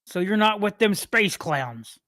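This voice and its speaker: A man voicing a blustering hippo-man ship captain who shouts indignant questions. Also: sits high, expressive, measured pace, pitched above the performer's own voice, heavily acted. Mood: suspicious.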